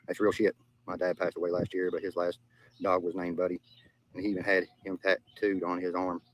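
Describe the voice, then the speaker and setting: This young livestreamer with a Southern US accent responds to chat in a crude, blunt, offhand way, frequently saying the same thing again. His voice is low-pitched, brisk and flat in pitch. The audio is poor.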